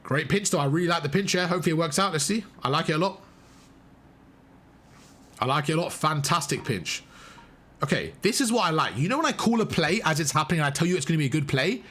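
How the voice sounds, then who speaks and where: Coaching a player live through a match, this young man is emphatic, heaps on praise, and keeps repeating instructions. He talks fast with a fairly high, slightly bright voice and lively intonation, though he leaves long pauses.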